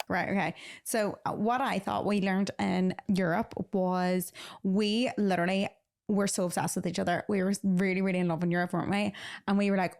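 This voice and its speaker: Chatty young woman with a gravelly edge. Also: medium pitch, normal speed, music in the background. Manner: chatty, teasing, animated storytelling. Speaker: podcast host. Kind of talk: casual couple chat.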